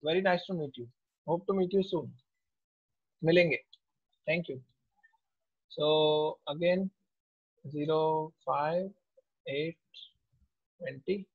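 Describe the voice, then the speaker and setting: A man, a teacher taking attendance in an online class in a slow, unhurried way. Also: fairly high pitch, breathy edge. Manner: slow, unhurried roll call. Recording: tinny, phone-like audio.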